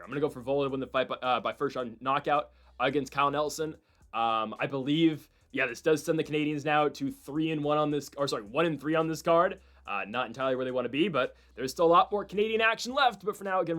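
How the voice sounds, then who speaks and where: A man's voice: medium pitch, fairly bright tone. A man hosting casual MMA fight predictions, rambling and correcting himself with incredulous asides. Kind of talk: casual sports commentary.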